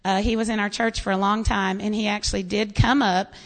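An American woman pastor from the United States preaches a sermon in a medium-pitched voice, talking a little fast. She tells stories animatedly, slipping into quoted voices and laughing along the way.

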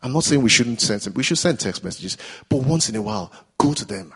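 A man's voice: mid-range voice, lively intonation, normal speed, slightly rough. A man preaching a sermon in a church, earnest and exhorting, repeating phrases as he builds intensity.

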